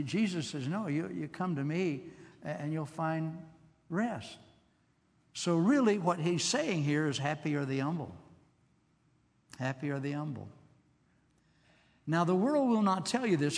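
An older male preacher with a slightly raised voice delivers a sermon. He talks in a conversational, musing way and drifts into asides and soft chuckles. The sound carries a long reverb from a hall. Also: a little high.

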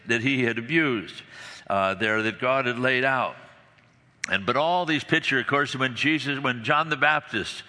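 A man delivering a sermon, retelling scripture in a relaxed, conversational manner. His voice sits at a middling pitch with a very bright, cutting tone. A long reverb trails each phrase, as if recorded in a large hall. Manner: conversational, animated storytelling with restarts. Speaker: preacher.

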